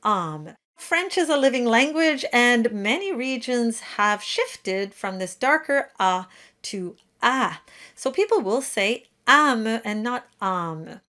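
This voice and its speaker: A woman giving a pronunciation lesson for singers, demonstrating each sound slowly and precisely. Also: a little high, lively intonation, sharp tone. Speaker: diction teacher. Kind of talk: pronunciation tutorial.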